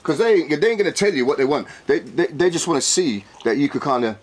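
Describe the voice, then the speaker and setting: Male host, husky, fast, lively delivery, chimes in often. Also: fairly high pitch. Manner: quick, frequent agreeing interjections. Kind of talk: casual conversation.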